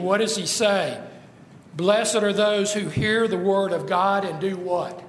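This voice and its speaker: A man with a high voice preaches in a slow, deliberate way, asking his listeners rhetorical questions and pressing home each point. His voice rings in an echoey room with a faint hum of ambience behind it. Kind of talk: sermon.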